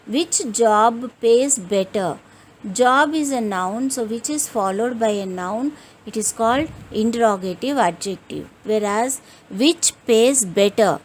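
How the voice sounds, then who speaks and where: A woman teaching an English grammar lesson, explaining each rule in a slow, deliberate way and reading out example sentences. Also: a little high, lively intonation, a little hiss or hum, rough recording.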